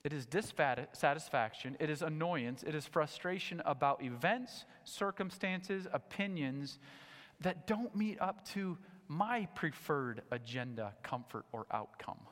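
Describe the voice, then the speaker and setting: A man preaching a sermon to a church congregation, animated, swinging between loud emphatic points and low, quiet asides. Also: unhurried, big-room sound. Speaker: pastor. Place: church sanctuary.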